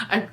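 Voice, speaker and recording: A woman giving an exasperated, opinionated review of a book in a casual vlog. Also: sharp tone.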